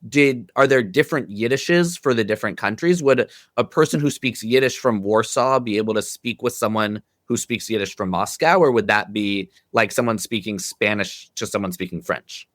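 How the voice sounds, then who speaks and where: Deep-voiced man co-host, dry close sound. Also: moderate pace, hardly any pauses, fairly bright tone, no room sound. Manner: curious, asks clarifying questions. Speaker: podcast co-host. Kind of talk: conversational interview.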